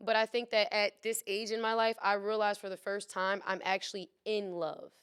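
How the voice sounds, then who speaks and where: A woman's voice: mid-range voice, flat delivery, moderate pace, fairly bright tone, smooth. A woman guest in a candid casual chat, talking frankly and expressively and swearing freely. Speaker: podcast guest.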